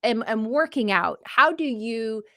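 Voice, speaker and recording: A woman's voice: fairly high pitch, expressive, unhurried, pushed and bright, no room sound, studio quality. A woman hosting a show, talking in a heartfelt, searching way in a casual interview. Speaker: show host.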